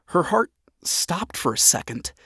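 A man giving a steady, even reading as the narrator of a story. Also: on the high side, a little slow, slightly rough, dry recording, clean studio sound.

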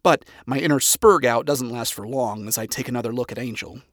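A man reading a first-person story aloud, with sarcastic, profane, deadpan asides. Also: mid-range voice, a little fast, dry recording, clean studio sound. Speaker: story reader.

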